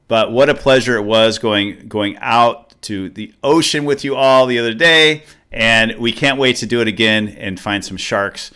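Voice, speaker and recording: A man hosts a community news show in an upbeat, joking manner. His tone is bright and forceful, at a middle pitch. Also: clear, resonant tone. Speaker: show host. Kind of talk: talk show hosting.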